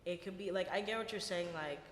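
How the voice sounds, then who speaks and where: Young woman podcast cohost, animated, laughs a lot, echoey room, faint hum behind. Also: on the low side, fast talker. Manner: animated, laughs while telling stories. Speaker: podcast co-host. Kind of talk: casual chat. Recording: echoey room with long reverb.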